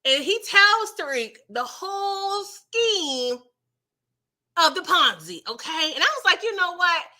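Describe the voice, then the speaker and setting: A woman's voice: very high-pitched, big pitch swings, slow, bright, forceful tone. A woman hosting a casual live-stream recap, sassy and slangy, chatting with her viewers.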